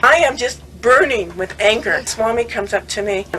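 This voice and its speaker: Older woman, conversational storytelling, lively, faint background noise. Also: on the high side, moderate pace, low-quality recording. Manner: lively, laughs often, quotes others in animated voices. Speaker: devotee recounting memories.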